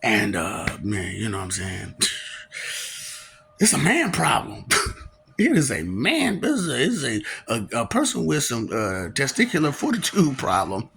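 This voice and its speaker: A man's voice: mid-range voice, huge pitch swings, moderate pace, vocal fry, fairly bright tone, slight background noise. A man rambling through a comic monologue, teasing with rhetorical questions, repeating phrases and laughing between lines. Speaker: vlogger.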